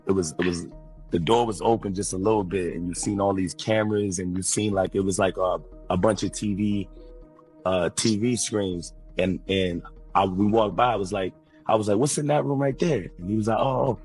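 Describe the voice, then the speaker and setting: A man's voice: deep voice, fairly even intonation, moderate pace, darkish tone, faint music behind. A man chatting as a guest, telling a story with many restarts and repeated words, laughing as he goes. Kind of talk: casual chat, anecdote.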